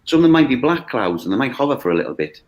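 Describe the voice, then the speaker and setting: A man who runs a mindfulness course talks in a lively, conversational way, acting out quoted voices and checking in with "okay?". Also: mid-range voice, very fast, lo-fi sound. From United Kingdom. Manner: animated, acts out quoted voices, frequent "okay?". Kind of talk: conversational explanation. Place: video call.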